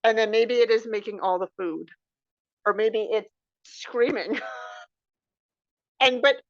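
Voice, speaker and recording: A woman's voice: on the high side, slow, dry recording, lo-fi sound. A woman co-hosting a podcast, responding in an affirming, reflective way. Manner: affirming, reflective, animated when quoting. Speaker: podcast co-host. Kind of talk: casual chat.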